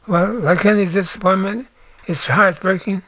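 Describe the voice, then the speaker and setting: High-voiced older man, halting. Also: fairly even intonation, sharp tone, no room sound. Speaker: interviewee. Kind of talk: reflective interview answers.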